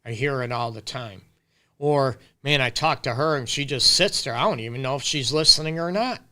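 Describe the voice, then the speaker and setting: Speaking at a moderate pace in a mid-range voice that's pushed and bright, a middle-aged relationship counselor hosts a casual live-stream Q&A. He gives emphatic advice straight to his viewers.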